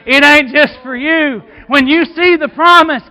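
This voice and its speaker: High, bright fiery preacher man. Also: unhurried. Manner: passionate preaching, swings between shouting and quiet. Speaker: assistant pastor. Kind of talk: sermon. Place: church sanctuary.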